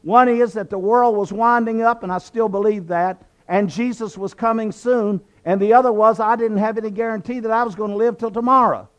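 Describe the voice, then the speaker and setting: Speaking fairly quickly with few pauses, this guest has a high-pitched voice and a steady tone. He's from southwestern Virginia and tells how he was converted, preaching earnestly and repeating phrases for emphasis.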